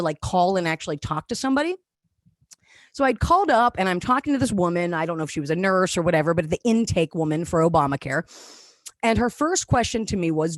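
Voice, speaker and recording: A woman, giving an energetic, jokey talk on mental health as a comedian, acting out the people she quotes. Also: mid-range voice, dry recording, studio quality. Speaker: comedian and webinar speaker.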